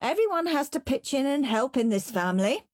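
A woman's voice: sits high, big pitch swings, a little fast, no room sound, clean studio sound, pitched above the performer's own voice. A woman voicing a stern mother giving firm orders. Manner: firm commands.

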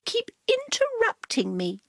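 A high, lilting storybook cat put on by a woman, superior and lecturing in tone. Her voice swoops up and down as she explains things slowly. The sound is close and dry. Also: wildly swooping pitch, creaky, fairly bright tone, dry recording, heavily acted. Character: haughty know-it-all female cat.

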